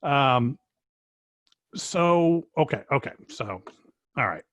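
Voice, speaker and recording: A man hosting a casual interview, asking questions in a halting way and repeating words as he thinks. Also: mid-range voice, expressive, fairly bright tone, no room sound, muffled recording. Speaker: interviewer host.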